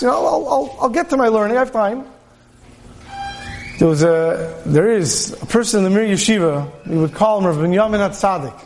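A man with a high voice delivers a sermon as a lively story. He tells it in an animated way and voices the people in it. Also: a little hiss or hum. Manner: animated storyteller, voices characters with pitch jumps. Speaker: rabbi giving a Torah talk.

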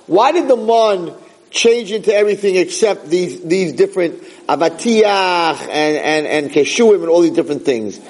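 Speaking at a moderate pace, a man leads an energetic Torah class, sprinkling in Hebrew and dramatizing quotes with sudden shrill bursts. Audio quality is poor.

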